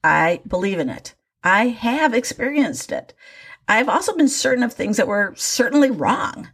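A woman's voice: fairly high pitch, lively intonation, moderate pace, a bit bright, slightly rough. An older woman with grandchildren, telling a personal faith story in a reflective, wry and self-deprecating way.

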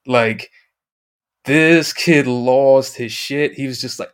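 A man guest on a podcast, telling a video game story in a casual, excited way, acting out what others said and swearing mildly. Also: medium pitch, slow pace, clean tone. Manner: excited storyteller, acts out quoted chat, mild swearing.

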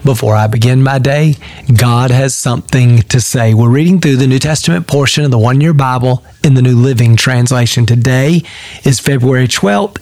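A man's voice: mid-range voice, darkish tone, no echo. A man who is a pastor giving a daily devotional Bible teaching, speaking in an earnest, emphatic way.

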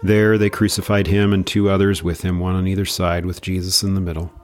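A man reads a long scripture passage aloud in a measured, unhurried way. His voice sits very low. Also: flat delivery, slight background noise. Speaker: scripture reader. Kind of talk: Bible reading.

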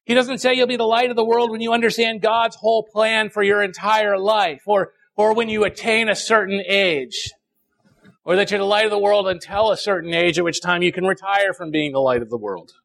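Pastor guy preaching, real gravelly voice, kinda high, hammers the same phrase over and over. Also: steady tone, a bit bright. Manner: preaching with emphatic repetition and dramatic pauses. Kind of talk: sermon.

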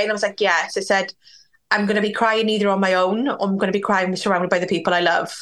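A woman's voice: medium pitch, level tone, quick pace, fairly bright tone. A young woman from Wales, a podcast guest candidly telling a personal story. She uses many "like"s and acts out what others said. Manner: candid, talks with many "like"s and acts out quoted dialogue.

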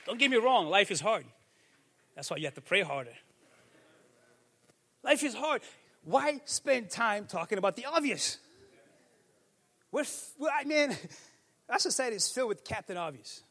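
A man with a very high, sharp, bright voice preaching to his congregation. He moves from quiet musing to fervent, shouted declarations. The sound carries a long reverb from the church hall. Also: big pitch swings, normal speed, long pauses, some chatter behind. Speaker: pastor. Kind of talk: sermon. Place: church sanctuary.

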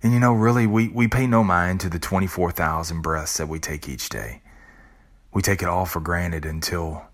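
A man's voice: sits low, normal speed. A middle-aged man hosting a podcast, speaking an earnest, reflective monologue with casual swearing and restarts. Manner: earnest, with blunt casual swearing and repeated words. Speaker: podcast host.

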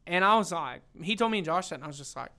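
A young man with a high, bright and smooth voice talks through a Bible passage with friends. He is animated, slips into quoted voices and throws in a casual "dude". He carries the show as its co-host. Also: rapid-fire. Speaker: church podcast co-host.

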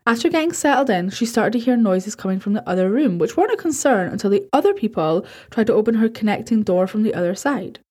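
A woman's voice: medium pitch, animated, fast talker, few pauses, darkish tone, slightly rough. A woman hosting a podcast, casually reading listener horror stories aloud, stumbling and correcting herself and swearing offhand. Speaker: podcast host.

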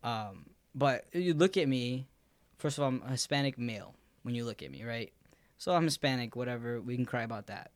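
There's no room sound around this young man as he chats casually on a podcast in a brisk, medium-pitched voice. His talk is relaxed and meandering, packed with filler words.

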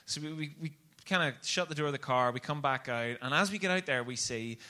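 A man preaching a sermon, telling a story in an animated, conversational way. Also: a little high, fairly quick.

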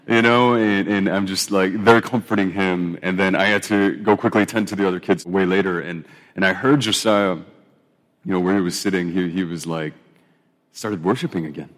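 A man in his thirties preaching a sermon in a relaxed, conversational way, often restarting his phrases. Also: low voice, normal speed, big-room sound. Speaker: pastor.

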